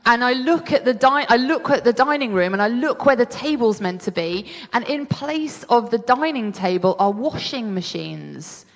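A woman's voice: fairly high pitch, expressive, moderate pace, hardly any pauses. A woman with a British accent preaching a sermon in an earnest, conversational way, often restarting her sentences. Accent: British English. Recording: long hall reverb.

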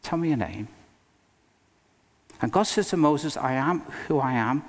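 A male pastor preaching a sermon in an earnest, emphatic way, with dramatic pauses. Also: fairly high pitch, animated. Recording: long reverb of a hall.

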